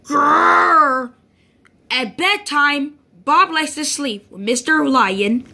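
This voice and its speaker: A woman reading a children's picture book aloud in an animated, sing-song storyteller manner. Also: high-pitched, takes it slowly.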